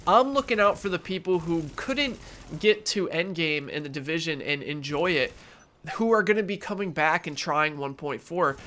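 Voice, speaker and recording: With lively intonation and a pushed, bright tone, a young male YouTuber talks at a moderate pace in a somewhat high voice made nasal by allergies. His casual gaming vlog is earnest and opinionated, full of conversational fillers.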